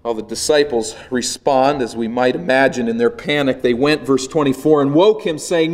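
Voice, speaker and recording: A male pastor preaching a sermon, retelling a scene with vivid, dramatic storytelling that swells and drops to a hush. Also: mid-range voice, normal speed, hardly any pauses.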